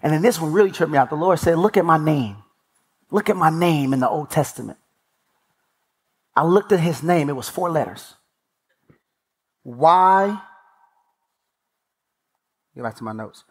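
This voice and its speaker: A man with a high-pitched voice preaches as a guest speaker, telling personal stories and bringing them to life by acting out the dialogue. He repeats words as he builds toward a point. His voice rings with a long reverb from a big hall. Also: measured pace, long pauses. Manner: animated, acts out dialogue in voices. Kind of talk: sermon with personal storytelling.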